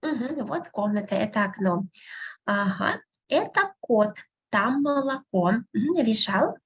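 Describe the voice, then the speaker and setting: A woman teaching an online beginner language class, patiently repeating words slowly over a video call. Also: on the high side, expressive, husky, muffled recording.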